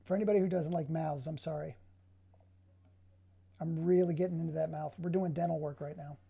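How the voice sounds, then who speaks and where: Gravelly, husky man ranting while working. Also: fairly high pitch, fairly even intonation, brisk, pauses often, dark tone. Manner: rambling, sarcastic ranting asides. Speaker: digital artist streaming his work. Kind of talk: casual running commentary while working.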